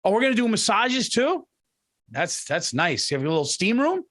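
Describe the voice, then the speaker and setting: A man with a New York accent riffs excitedly in a casual podcast chat, circling back and repeating phrases as he goes. His voice sits notably high for a man. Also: moderate pace. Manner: excitable, rambling, repeats himself. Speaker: podcast co-host.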